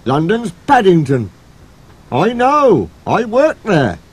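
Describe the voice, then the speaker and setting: A man voicing a stubborn, cheeky male engine who insists loudly on being right. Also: high-pitched, wildly swooping pitch, takes it slowly, husky, soft background music, pitched above the performer's own voice, heavily acted. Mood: indignant. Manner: indignant, insistent.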